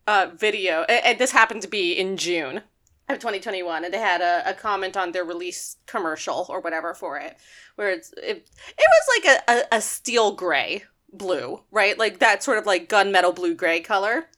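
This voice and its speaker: A woman co-hosting a podcast, talking in loose, rambling casual chat. Her voice is bright and sharp, and she restarts her sentences often. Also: medium pitch, moderate pace. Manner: rambling, restarts, animated asides. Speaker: podcast co-host.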